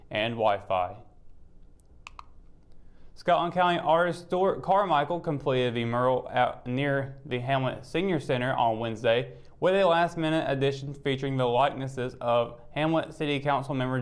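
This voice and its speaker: A male news anchor at a middle pitch reads local stories in a steady, measured way. The delivery stays even and matter-of-fact from one item to the next. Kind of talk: reading news.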